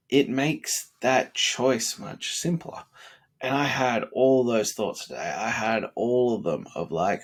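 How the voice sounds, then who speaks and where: A man's voice: mid-range voice, lively intonation, moderate pace, slightly rough. An exhausted man, talking bluntly and with plenty of swearing in a casual motivational vlog, yawning between thoughts. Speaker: vlogger on a self-improvement challenge.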